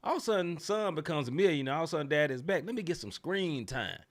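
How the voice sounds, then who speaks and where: A man's voice: on the high side, expressive, quick pace. A man co-hosting a casual sports talk podcast, speaking emphatically with slang and repeated phrases. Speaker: podcast co-host.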